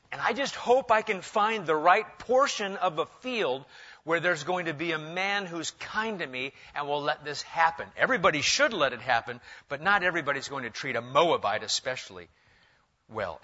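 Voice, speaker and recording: Animated pastor with a bright voice. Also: male voice. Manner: animated, varies pitch and pace for emphasis. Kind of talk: sermon. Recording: dull lo-fi sound.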